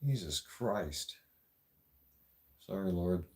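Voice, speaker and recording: A man's voice: sits low, lively intonation, extremely slow, a little mellow. A man with a Toronto Canadian accent, ranting to camera in a blunt, profane and sarcastic vlog monologue. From Greater Toronto Area, Canada. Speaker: vlogger.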